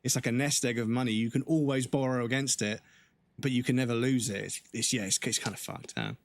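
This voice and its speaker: Hoarse, swearing man ranting. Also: medium pitch, animated. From United Kingdom. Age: 40s. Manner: angry, swearing, halting restarts. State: voice going hoarse. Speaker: livestream gamer. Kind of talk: casual livestream rant.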